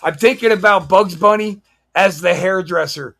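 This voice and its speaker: A man tells stories on a casual podcast, acting out the quotes with a blunt edge. His voice sits slightly high. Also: normal speed, creaky. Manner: animated anecdote teller, acts out quotes, blunt. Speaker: podcast co-host. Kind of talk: casual chat.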